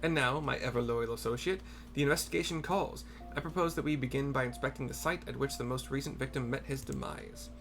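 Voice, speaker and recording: A man's voice: medium pitch, fairly quick, fairly bright tone, faint music behind, close to an everyday voice. A man voicing a grandiose, self-assured inspector who speaks in florid, old-fashioned formal phrases.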